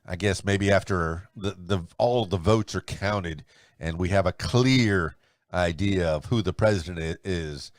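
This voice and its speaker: A man's voice: sits low, measured pace, no room sound, studio quality. A man hosting a solo podcast, rambling and chuckling as he chats and then runs through the day's news. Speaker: podcast host.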